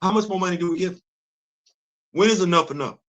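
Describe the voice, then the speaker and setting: A man hosting a casual live-stream commentary, animated and rhetorical, laughing often as he talks. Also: high-pitched, fast. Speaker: host.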